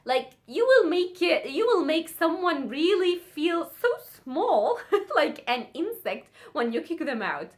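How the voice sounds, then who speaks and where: A woman teaching a casual online language lesson, repeating words slowly and drilling conjugations quickly. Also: high-pitched. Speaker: Arabic teacher.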